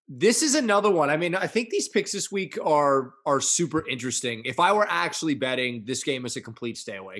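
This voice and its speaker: A man's voice: medium pitch, fairly bright tone. A man co-hosting a sports podcast, giving blunt, opinionated takes in casual chat. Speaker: podcast co-host.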